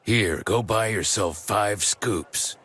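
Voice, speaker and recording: A man voicing a gruff male navy captain in an anime dub. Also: lowish voice, takes it slowly, a bit bright, full character voice.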